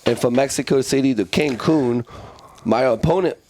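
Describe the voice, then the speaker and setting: On a podcast, a thirtysomething fighter from France profanely and animatedly recounts his fights, swearing often in a casual way. His medium-pitched voice runs at normal speed over a slight hiss or hum.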